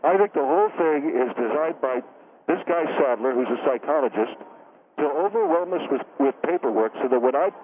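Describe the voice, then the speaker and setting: A self-important, easily offended scientist, as a man puts him on, speaking over a narrow phone line with faint hiss. His voice is mid-pitched and he sounds indignant. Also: expressive, brisk, lightly acted. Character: touchy, pompous male scientist, middle-aged.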